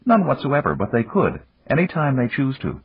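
A man's voice: mid-range voice, huge pitch swings, normal speed, husky, dry recording, voice pushed up, full character voice. A man voicing a composed, insistent woman president in an audiobook, raising his voice into a lighter register. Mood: firm. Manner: firm, insistent, lecturing. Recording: dull lo-fi audiobook recording.

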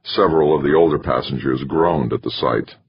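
Very deep husky male narrator. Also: fairly quick. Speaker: audiobook narrator. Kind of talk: scripted narration. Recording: dull lo-fi recording.

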